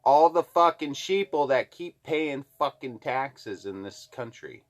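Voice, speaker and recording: A man's voice: medium pitch, lively intonation, unhurried. A man from Alaska ranting heatedly to the camera, swearing constantly. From Alaska, USA. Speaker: vlogger. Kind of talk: angry political rant to camera.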